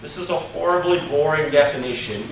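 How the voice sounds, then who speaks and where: A man's voice: on the high side, brisk, heavy background noise. A male college lecturer giving a conversational classroom lecture, tagging his points with "okay?" and "right?", recorded on a distant mic in an echoey classroom. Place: lecture room.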